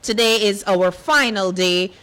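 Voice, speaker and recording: A woman's voice: medium pitch, a little slow, fairly bright tone. A woman hosts a formal ceremony in a conference hall. She reads a long list of greetings and introduces the speakers in a formal, orderly way. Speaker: master of ceremonies.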